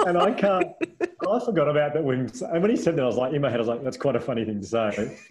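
A man's voice: medium pitch, quick pace, background noise. A man in his thirties, a podcast guest telling anecdotes in casual chat, laughing often and restarting sentences. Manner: animated storyteller, laughs often, many restarts and "like" fillers.

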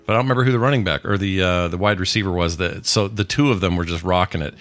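A man's voice: deep voice, very fast, a bit bright, faint music behind. A middle-aged man hosting a casual live-streamed podcast chat, rambling and full of puns. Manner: jokey, rambling, punning. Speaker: podcast host.

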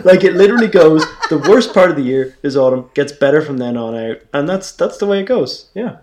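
A man's voice: a little high, expressive, crowd noise. A man co-hosting a casual panel chat who argues his opinions playfully and laughs easily. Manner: playful, argumentative, quick to laugh. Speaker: podcast co-host.

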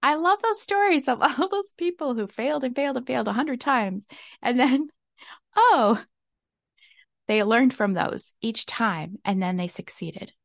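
A woman's voice: on the high side, expressive, unhurried, gravelly, no room sound, clean studio sound. A woman hosting her own podcast, talking casually and exuberantly, laughing often. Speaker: podcast host. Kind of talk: casual solo podcast talk. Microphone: desk mic.

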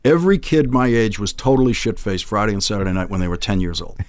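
An older man from Boston with a faint Boston accent under a trained general American voice, telling stories in a casual, animated podcast chat and often repeating words as he starts a thought. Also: fairly low pitch, fast. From Boston, USA. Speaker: guest, TV news host.

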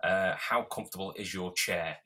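A man's voice: low-pitched, steady tone, moderate pace, bright, forceful tone. A man co-hosting a casual chat, chiming in with short jokes. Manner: joking, brief interjections. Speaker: co-host.

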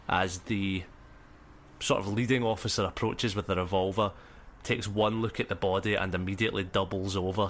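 Low-voiced game master. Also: male voice, fairly bright tone, a little hiss or hum. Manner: rambling, many ums and sort ofs. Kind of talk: narrating a tabletop game. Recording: music under the talk.

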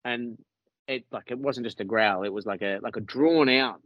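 A man's voice: mid-range voice, normal speed, no room sound, lo-fi sound. Rambling, profane Australian man. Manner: rambling and profane, with many restarts. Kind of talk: casual storytelling on a podcast.

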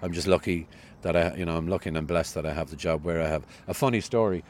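A man's voice: low-pitched, fast talker, darkish tone, slight background noise. A middle-aged man with a Cork Irish accent, a radio newsreader chatting as an interview guest, self-deprecating and full of stories. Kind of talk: casual interview chat.

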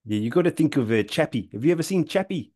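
A man's voice: fairly high pitch, lively intonation, fast talker, mellow. A man co-hosting a comedy podcast who makes wry, ribbing remarks. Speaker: podcast co-host. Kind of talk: casual banter.

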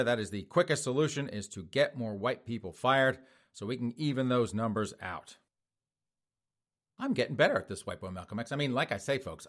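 A man's voice: mid-range voice, a bit bright. Middle-aged male show host; sarcastic news commentary, mocking tone. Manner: mocking, sarcastic, laughs at own jokes. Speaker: podcast host.

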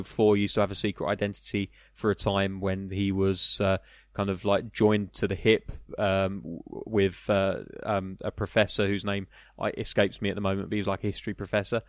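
A man's voice: lowish voice, dry recording, clean studio sound. A man co-hosting a casual film podcast, rambling with many fillers and laughing at the jokes. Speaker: podcast co-host.

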